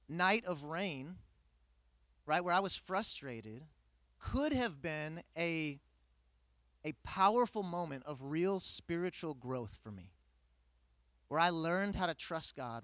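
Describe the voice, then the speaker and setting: Lively male preacher with a high voice, recorded dry and close; tells stories with humor from the pulpit. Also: dry recording. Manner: animated storytelling with humor. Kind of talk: sermon with personal story.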